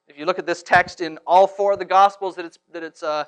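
High-voiced man preaching a dramatic sermon. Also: fairly even intonation, quick pace, smooth. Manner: dramatic preaching, from hushed to loud; rhetorical questions and repetition. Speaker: pastor.

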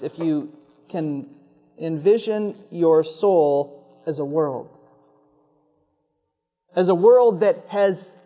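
High-voiced man preaching earnestly. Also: a little mellow. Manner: earnest, reflective preaching with emphatic repetition. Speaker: pastor. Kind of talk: sermon.

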